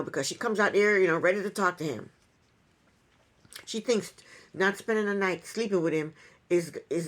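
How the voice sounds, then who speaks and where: A woman's voice: lowish voice, a bit bright. A woman giving a casual reality TV recap in an opinionated, sarcastic way, with chuckling asides.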